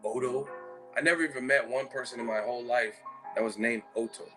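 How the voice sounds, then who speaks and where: Man, live-stream host, profane, rambling, mid-pitched, music behind. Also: steady tone, fairly quick. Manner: profane, rambling, riffing on viewer comments.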